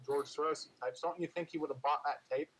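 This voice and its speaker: Sarcastic, rambling man with a higher voice. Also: fairly even intonation, quick pace, a bit bright, husky, low-quality recording. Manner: rambling, many "like"s and restarts, sarcastic. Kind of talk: casual political chat.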